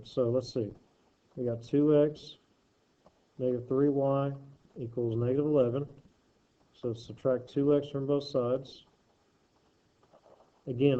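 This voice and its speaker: A man's voice: medium pitch, warm tone, dull audio. A man teaching math, working problems aloud with joking asides and self-corrections. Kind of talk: worksheet walkthrough lesson.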